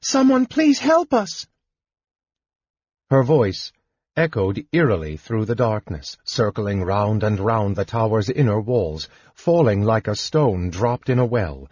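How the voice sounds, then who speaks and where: A man narrates an audiobook in a slow, measured manner. His voice is low and husky. The dry recording sounds dull and lo-fi. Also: animated, a little mellow, no room sound. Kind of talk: scripted narration.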